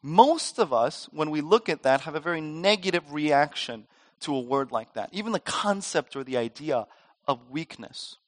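A man's voice: a little high, normal speed. A male pastor preaching a sermon, telling stories and acting out quoted voices along the way. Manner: animated storytelling, acts out voices in a joke.

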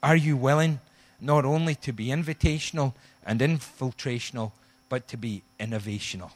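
A man's voice: medium pitch, moderate pace. A man with a Scottish accent preaching a sermon, telling stories and acting out the people in them. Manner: animated storytelling, acts out quoted voices. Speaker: pastor.

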